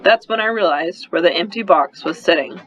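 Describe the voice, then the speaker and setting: A man narrating a first-person children's story in an expressive, brisk storytelling manner, on a slightly muffled recording. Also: high voice. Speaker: audiobook narrator.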